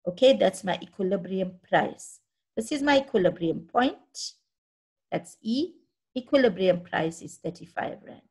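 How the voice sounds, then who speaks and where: Patient woman teacher, gravelly. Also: medium pitch, lively intonation, measured pace, darkish tone. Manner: patient, checks understanding often. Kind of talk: classroom lesson explaining graphs.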